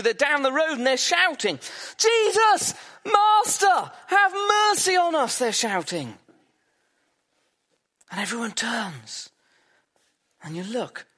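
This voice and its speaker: A man preaching a sermon, retelling a story vividly and dropping his voice low for emphasis. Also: pushed and bright.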